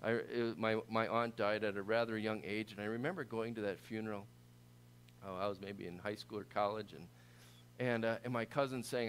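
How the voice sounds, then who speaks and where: A middle-aged man preaching a sermon in a conversational, animated way with frequent restarts. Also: on the low side, normal speed, a little hiss or hum. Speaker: pastor.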